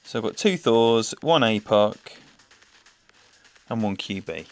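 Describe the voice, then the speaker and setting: A man's voice: lowish voice, animated, slow pace. A man giving live gameplay commentary and chatting with his viewers by name, laughing easily. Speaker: game streamer. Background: faint game music.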